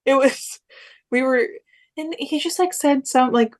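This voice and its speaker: A woman's voice: sits high, unhurried. A young woman co-hosting a podcast, telling a story in a chatty way and acting out the quoted lines. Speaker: podcast co-host. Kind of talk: casual chat.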